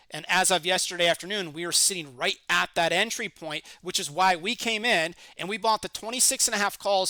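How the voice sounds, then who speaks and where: A middle-aged man teaching options trading over a chart screen share, explaining in a confident, steady way and asking rhetorical questions. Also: high voice, no echo. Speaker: trading educator. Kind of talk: screen-share market lesson.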